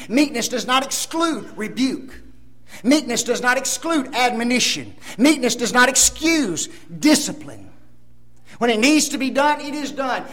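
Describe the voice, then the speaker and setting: A male preacher delivering a sermon, emphatic, firing rhetorical questions at the congregation and swinging between loud emphasis and hushed asides. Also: very high-pitched.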